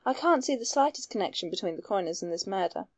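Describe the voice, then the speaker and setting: A woman reading the part of a young gentleman under suspicion, who talks back in an impatient, defensive way. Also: mid-range voice, expressive, fast talker, no echo, close to an everyday voice.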